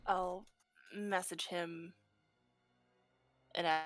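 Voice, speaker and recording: A woman playing a tabletop role-playing game, excitable and quick to swear. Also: fairly low pitch, faint music behind. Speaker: player. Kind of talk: casual tabletop play.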